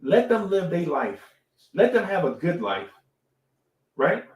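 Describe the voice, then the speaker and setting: Animated middle-aged man, echoey room. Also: high voice, measured pace. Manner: animated storytelling, repeats phrases, says "right?" often. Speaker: podcast co-host. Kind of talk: casual live-stream talk.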